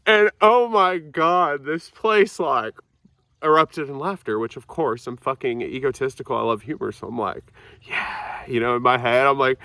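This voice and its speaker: A man's voice: fairly high pitch, animated, a little slow, fairly bright tone, no echo. Rambling, profane man in casual vlog. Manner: rambling, profane, self-mocking, laughs at his own jokes. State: sober, in recovery. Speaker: vlogger. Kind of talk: casual storytelling to camera.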